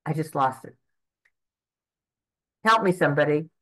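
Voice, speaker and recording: A woman's voice: low-pitched, measured pace, fairly bright tone, low-quality recording. Earnest woman in her eighties praying. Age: 80s. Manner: earnest, reflective, speaks to God directly. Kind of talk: spoken prayer and spiritual reflection.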